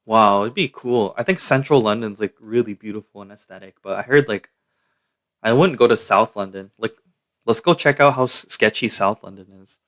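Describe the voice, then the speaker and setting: A man's voice: lowish voice, moderate pace, fairly bright tone. A young man from Canada, chatting casually and slangily to his live-stream chat.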